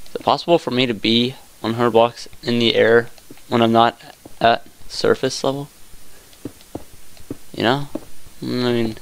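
A young man talking slowly over his gameplay, his mid-pitched voice carrying a gravelly edge. He chats to himself and his viewers and says y'all a lot. Now and then he bursts out in excitement. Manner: chatty, self-talking, excitable outbursts. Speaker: let's play gamer. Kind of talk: casual game commentary.

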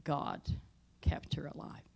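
A middle-aged woman pastor telling a personal story in a sermon, dropping her voice low for tense moments and rising loud for emphasis. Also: takes it slowly. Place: church sanctuary.

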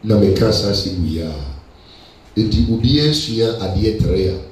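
A Ghanaian-accented pastor with a lowish voice preaches an animated sermon at a moderate pace, switching between Twi and English. He's recorded from far off in an echoey church hall.

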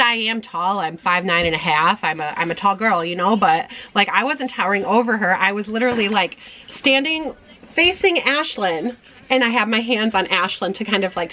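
A young mother telling a storytime vlog in a loose, chatty way, full of ums and self-corrections. Her voice has a bright, forward edge, and her pitch sits in the middle. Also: a little hiss or hum, poor audio. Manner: chatty, many ums and restarts. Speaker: vlogger mom.

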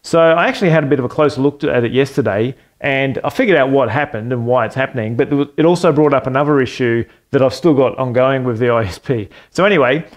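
A man hosting a casual tech video, talking through a screen share in a relaxed, rambling way with plenty of fillers and the odd swear. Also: medium pitch, fast talker, hardly any pauses. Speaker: tech channel host. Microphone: desk microphone for the screen segment.

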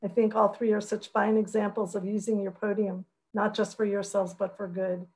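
A woman's voice: mid-range voice, level tone, rough recording. Grateful woman moderator telling a story. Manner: warm storytelling, measured and grateful. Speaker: panel moderator. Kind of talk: webcast panel wrap-up. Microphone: video call.

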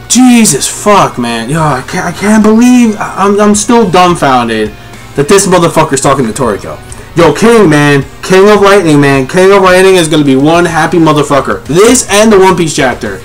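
A man reacting live to a comic chapter, swearing constantly and bursting into yells. His pitch swings widely as he talks, with faint music playing behind him. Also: normal speed. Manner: excitable, profane, yelling in bursts. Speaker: manga reviewer.

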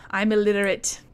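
A young woman streams a game, chatting and giggling as she plays, talking both to the characters on screen and to her chat. Her voice sits in the mid range, with a little hiss or hum in the recording.

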